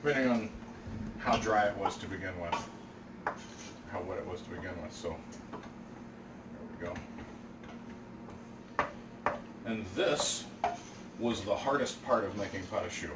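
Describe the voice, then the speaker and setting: A chatty man walks through a recipe at his stove and explains each step as he goes. He is miked from a distance in an echoey kitchen, and loud background noise runs under his voice. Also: deep voice, measured pace, pauses often. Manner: chatty, explains as he works, asks "right?". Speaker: cooking show host. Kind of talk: casual cooking demonstration. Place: home kitchen.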